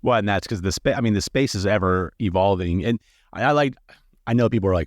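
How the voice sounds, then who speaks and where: A man hosts a casual podcast and asks questions with chatty enthusiasm. His voice sits fairly low, and it is recorded close with a dry sound. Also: quick pace, no room sound. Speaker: podcast host.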